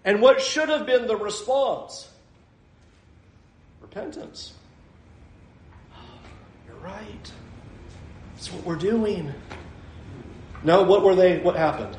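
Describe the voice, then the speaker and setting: A man preaching a sermon in an animated way, acting out the voices of the people he quotes. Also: high-pitched, slow, pauses often, a little hiss or hum. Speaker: pastor. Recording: echoey room.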